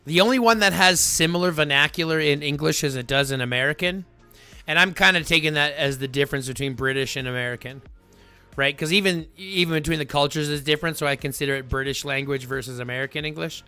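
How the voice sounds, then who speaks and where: A man hosting a livestream, chatting casually with viewers in a rambling, animated way full of fillers. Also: on the high side, quick pace, smooth, faint music behind. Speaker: livestream host.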